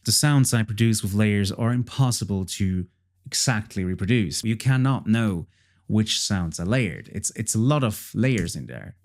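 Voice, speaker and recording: A man with a fairly low voice talks casually through his music project, repeating phrases and filling gaps with "um" and "like". Faint music plays underneath as he demonstrates. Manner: chatty, repeats phrases, many fillers. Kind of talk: casual tutorial walkthrough.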